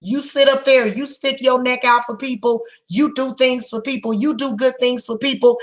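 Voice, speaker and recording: A woman giving a psychic reading, speaking bluntly and emphatically, heated and repetitive, slowing down to stress her words. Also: high-pitched, a bit bright, poor audio. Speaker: psychic reader. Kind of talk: tarot reading monologue.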